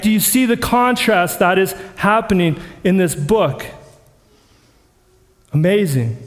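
A man with a very high voice delivers a sermon, earnest and conversational, slipping into the voices of the people in the scripture he quotes. His words ring out with a long reverb from a church sanctuary. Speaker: pastor.

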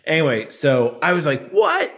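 A man co-hosting a casual chat show, telling a travel story with lively, acted-out quotes. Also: medium pitch, normal speed. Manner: animated storytelling, acts out quotes. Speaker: podcast co-host.

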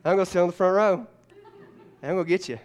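A man's voice: high-pitched, quick pace, highs cut off. A man preaching a casual, joking sermon, telling stories with lots of restarts. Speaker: pastor. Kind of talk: conversational sermon.

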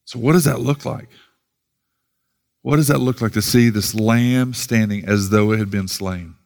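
A man's voice: on the low side, moderate pace, gravelly, darkish tone. A man from the United States preaching a sermon, earnest, often repeating words as he starts a thought and reading scripture aloud. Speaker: pastor.

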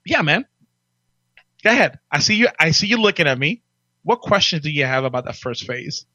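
Animated man telling stories, bright voice. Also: a little high, fairly quick, dry recording, muffled recording. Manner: animated, acts out drill instructors in loud barks. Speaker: podcast guest telling his life story. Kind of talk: casual storytelling chat.

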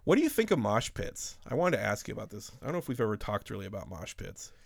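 Man, 30s, podcast host, slightly low voice, rambling and profane, dry close mic. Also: sing-song, fast talker, gravelly, dry recording. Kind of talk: casual chat.

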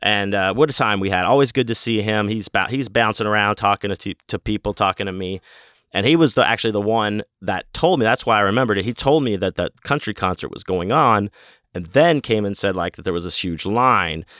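A man's voice: on the low side, fairly quick, a bit bright, no echo, clean studio sound. A man casually telling a rambling story about a convention trip, laid-back and swearing freely. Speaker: convention vendor.

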